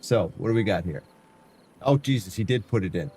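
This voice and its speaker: A man's voice: fairly low pitch, lively intonation, brisk, warm tone, breathy edge. A man from Canada, a variety streamer chatting casually and jokingly with his live-stream chat.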